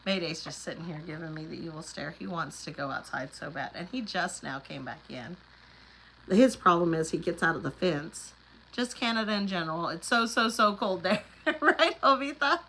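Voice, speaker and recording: A woman's voice: medium pitch, bright, forceful tone, slight background noise, poor audio. A middle-aged woman, chatting casually on a livestream and reading out viewer comments. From Oklahoma Panhandle. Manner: chatty, laughs often, rambling asides. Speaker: livestream host.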